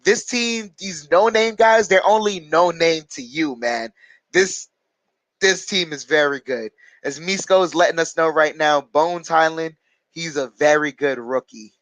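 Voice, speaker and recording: A man's voice: a little high, a little slow, fairly bright tone, no echo, rough recording. A man hosting a live basketball watch-along, casually reading out viewer comments and answering them with plenty of fillers. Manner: casual, reads out viewer chat comments and replies; chatty, hesitant with frequent fillers. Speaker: watch-along stream host.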